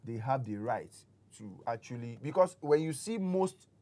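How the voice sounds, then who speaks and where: A man's voice: mid-range voice, animated, moderate pace, warm tone. Man explaining property deals patiently. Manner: patient, explains step by step with examples. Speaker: real estate expert guest. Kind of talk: explanatory talk show chat.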